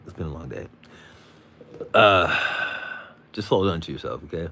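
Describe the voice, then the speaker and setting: A man's voice: deep voice, lively intonation, normal speed, pushed and bright. A man hosting a live stream, telling a rambling story in slangy casual talk, sounding tired. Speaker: livestream host.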